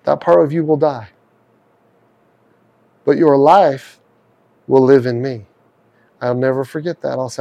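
Gravelly middle-aged radio preacher. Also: male voice, medium pitch, moderate pace, pauses often, mellow. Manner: earnest, conversational, acts out prayers aloud. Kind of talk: radio sermon.

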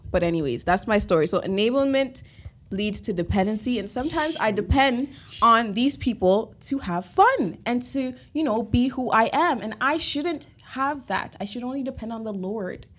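Animated woman telling a story, higher-pitched. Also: moderate pace. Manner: animated, emphatic, with frequent fillers; swings between excited highs and low, quiet asides. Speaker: podcast co-host. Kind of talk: casual storytelling chat.

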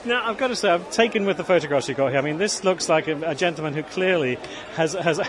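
A man hosting a radio show outdoors, teasing and joking with his guests. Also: a little high. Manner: jokey, teasing, quick-talking. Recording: busy outdoor crowd behind.

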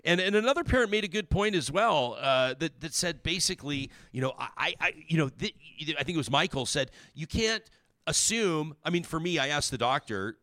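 A man hosting a talk show, commenting on news in a casual, animated and indignant way with many restarts. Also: a little high, brisk, dry recording, clean studio sound.

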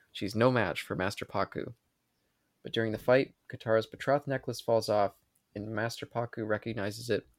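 A man's voice: mid-range voice, dry recording. A man hosting a podcast, tipsy from wine, reads an episode recap. He stumbles, restarts and swears at his own slips. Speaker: podcast host.

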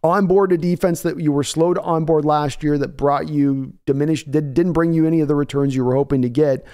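A man hosting a casual live stream, reading viewer messages aloud and thinking out loud with frequent restarts. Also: fairly high pitch, fairly even intonation, a little fast, clean tone. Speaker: host of a fan sports livestream.

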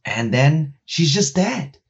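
A man in casual chat retelling a video game story, rambling and profane, with many fillers, acting out the characters' lines and getting loud and excited when he makes a point. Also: on the high side, slow, gravelly, breathy edge, lo-fi sound.

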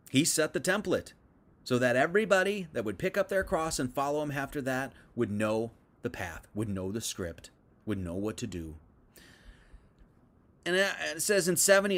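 Animated man preaching a casual sermon. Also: medium pitch. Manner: reads scripture then paraphrases it in casual speech; animated, swinging between loud and hushed. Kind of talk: informal livestream sermon.

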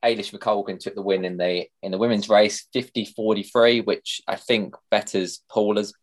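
A man's voice: fairly low pitch, steady tone, normal speed. A young man co-hosting a podcast, chatting casually and rambling through results and stories. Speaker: podcast co-host. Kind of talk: casual chat.

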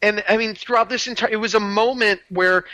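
A man's voice: high voice, steady tone, fairly quick, sharp tone, no echo, highs cut off. A man in a casual film discussion, talking enthusiastically with many restarts.

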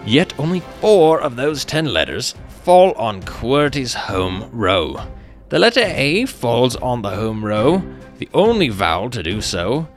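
A man reading an article aloud in an emphatic, rhetorical way. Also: medium pitch.

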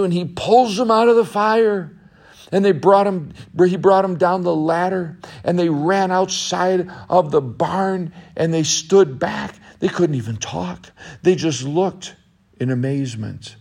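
Slow gravelly storyteller man. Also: a little high. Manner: slow, gentle, repetitive telling. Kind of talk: storytelling narration.

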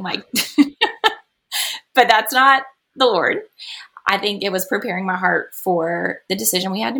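A woman's voice: mid-range voice, vocal fry, sharp tone. A woman, a podcast guest talking through a personal story in a chatty way and laughing often. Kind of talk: casual storytelling.

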